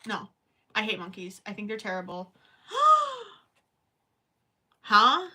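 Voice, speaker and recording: A woman with a medium-pitched, bright, pushed voice talks at a normal speed. She's hosting a crochet livestream from home, rambling and thinking out loud as she works, chatting casually and reading the live chat.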